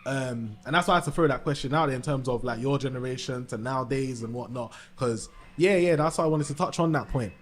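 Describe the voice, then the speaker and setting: A man's voice: medium pitch, brisk, hardly any pauses. A man, a rapper guest on a casual podcast, who keeps agreeing with "yeah, yeah, yeah". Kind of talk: casual chat.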